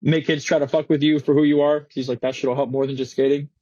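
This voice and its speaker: A man's voice: on the high side, little pitch movement, quick pace, mellow, no echo, highs cut off. A young man in his twenties, a guest skateboarder telling stories in casual, slangy, swearing chat in a podcast studio. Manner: slangy, swearing, laughing storyteller.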